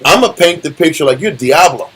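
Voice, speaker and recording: A man leading a casual Bible study, animated and full of rhetorical questions and slang. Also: a little high, fairly quick, breathy edge, poor audio. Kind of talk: casual scripture teaching.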